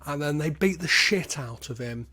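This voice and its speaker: A man's voice: a little high, animated, moderate pace, pushed and bright. Sweary British man recapping a film. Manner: rambling, sweary, lots of "like" and "um". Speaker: podcast host. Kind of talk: casual film recap podcast.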